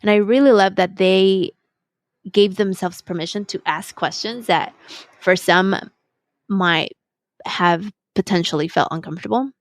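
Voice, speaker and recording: A woman's voice: lowish voice, dry recording, studio quality. A woman hosting her podcast, reflecting in a thoughtful way and slipping Spanish words into her English. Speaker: podcast host. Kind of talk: reflective solo podcast talk.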